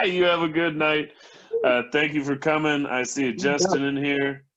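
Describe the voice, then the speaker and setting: A man's voice: fairly high pitch, fairly even intonation, normal speed, a bit bright. A man hosting a comedy show, wrapping up in a loose, casual way. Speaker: show host. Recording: dull lo-fi online audio.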